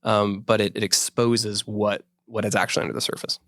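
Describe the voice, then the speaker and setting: A man's voice: fairly low pitch, flat delivery, a little fast, fairly bright tone, no echo, clean studio sound. A man co-hosting a casual podcast discussion, talking in a rambling way with many restarts. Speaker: podcast co-host.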